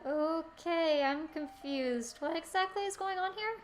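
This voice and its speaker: Woman doing an earnest, kinda lost girl knight from a game, high voice, slow. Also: slight background noise. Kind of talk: reading a visual novel heroine aloud in a let's play.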